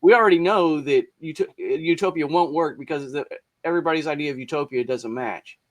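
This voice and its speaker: A man's voice: on the high side, fairly quick, dry recording. A man co-hosting a casual podcast chat, telling a rambling story and cracking jokes. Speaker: podcast co-host.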